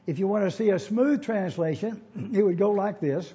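A high-voiced male preacher leads an expository Bible lesson, slow and methodical, pausing to spell out terms and often clearing his throat. His tone is dark and husky. The recording is dull and lo-fi. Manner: deliberate and didactic, spells out Greek words letter by letter, clears his throat often.

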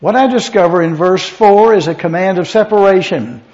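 A man teaching a verse-by-verse Bible lesson, reading Scripture aloud and explaining Greek words in a measured way. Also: sits high, darkish tone. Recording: dull lo-fi recording.

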